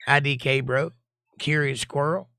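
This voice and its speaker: A hoarse man with a gravelly, scratchy voice hosts a relaxed live chat stream, reading messages and cracking jokes. His voice is nearly gone, low and rough. The sound is dry and close, with no room around it. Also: measured pace, no room sound. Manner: laid-back, jokey, reads chat messages aloud. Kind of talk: casual chat.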